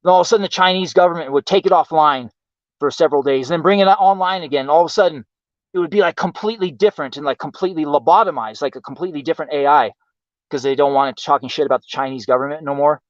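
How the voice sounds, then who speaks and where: Male host, loose profane rambler, slightly high, dull lo-fi sound, dry. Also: fast talker, no room sound, far from the mic. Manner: rambling and profane, many fillers. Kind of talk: casual monologue. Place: home in the countryside.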